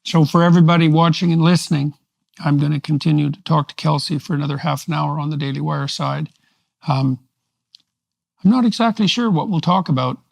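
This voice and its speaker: A man in his sixties hosting an interview podcast, polite and measured. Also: fairly high pitch, creaky, no echo. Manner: polite, measured, brief acknowledgments. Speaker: podcast host.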